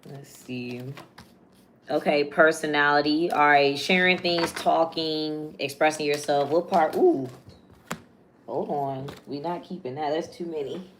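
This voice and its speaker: A young woman doing a casual, chatty live tarot reading, slangy and quick to laugh. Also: low voice, slight background noise. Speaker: tarot reader.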